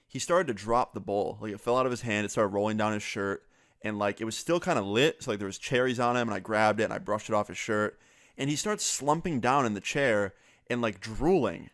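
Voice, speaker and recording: A young man casually telling a story, quoting his friends in quick back-and-forth with lots of "like" fillers. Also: lowish voice, no room sound, studio quality.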